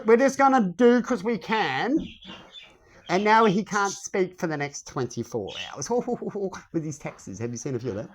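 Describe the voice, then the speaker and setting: Filming a rambling vlog on his phone, this man talks in a high-leaning voice, swearing, chuckling and throwing rhetorical questions at his viewers. It's a casual monologue to camera, with a little hiss or hum in the audio.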